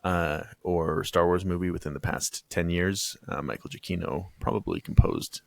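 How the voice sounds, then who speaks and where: A young man with a very deep voice talks through news as co-host of a casual podcast. His manner is easygoing and loose, with plenty of "dude" and "um". The recording sounds dry and close to the mic. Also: moderate pace, vocal fry, no room sound. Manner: laid-back, easygoing, says "dude" and "um" a lot. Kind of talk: casual chat.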